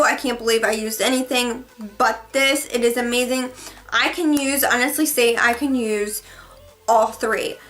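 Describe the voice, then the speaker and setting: A woman's voice: high voice, sharp tone. A woman beauty vlogger reviewing her favorite products in a casual, gushing, chatty way, correcting herself as she goes.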